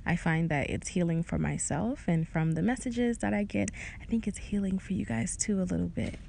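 A woman's voice: lowish voice, normal speed, gravelly, darkish tone, slight background noise. A woman from the United States hosting a podcast, chatty and upbeat as she speaks to listeners. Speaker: podcast host. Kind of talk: casual podcast introduction.

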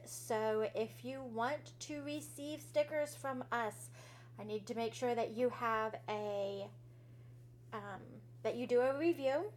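A woman hosting a podcast in a casual chat, bubbly, giggly and easily excited. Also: a little high. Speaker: podcast host.

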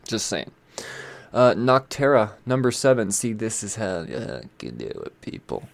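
A man's voice: on the low side, sing-song, a little slow, vocal fry, no room sound. A man hosting a casual, rambling commentary on new comics, chatty and irreverent, with swearing and asides. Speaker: comic book video host.

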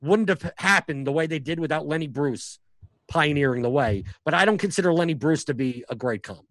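Rambling, fast-talking comedian. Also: male voice, a little high, a bit bright, no echo. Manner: rambling, fast, many restarts and filler words. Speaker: stand-up comic and professional poker player. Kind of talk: casual podcast conversation.

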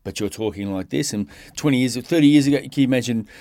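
A man's voice: mid-range voice, fast, dark tone. An Australian man hosting a casual chat and encouraging his guest with emphatic, repeated phrases. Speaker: host.

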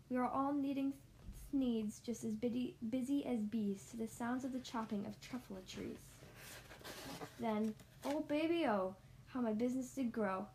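A woman reading a rhyming storybook aloud, rhythmic and sing-song, slowing down for emphasis. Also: fairly high pitch, mellow, slight background noise, low-quality recording. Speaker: storybook reader.

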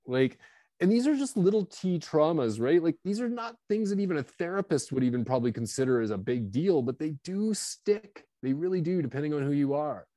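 Mellow-voiced man in his fifties. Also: on the high side, brisk, no room sound. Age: 50s. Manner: animated and confessional, with many fillers and restarts. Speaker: guest author. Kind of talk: candid storytelling.

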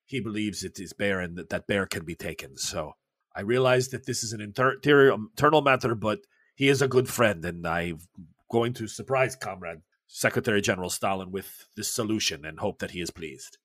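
Man doing a Soviet official, slow and deliberate, low dry voice. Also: lively intonation, a bit bright, no room sound. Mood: scheming. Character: scheming male Soviet official.

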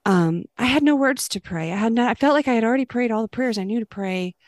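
A middle-aged woman giving a personal faith testimony, earnest and gentle, dropping into a soft hush when she speaks her prayers. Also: a little high, expressive, fast talker, dry recording, studio quality.

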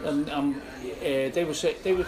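A man hosting a casual chat, prompting with short questions and quick agreement. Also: a little high, steady tone, rough recording. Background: crowd chatter.

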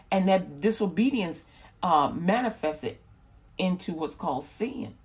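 A woman teaches from the Bible in a loose, casual way. She rambles, slips into slang and often restarts her sentences. Her voice has a husky, breathy edge. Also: medium pitch.

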